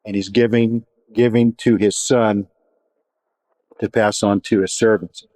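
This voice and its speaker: A man teaching a Bible study in a measured, reflective way, pausing and restarting as he explains. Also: lowish voice, little pitch movement, darkish tone, dry recording.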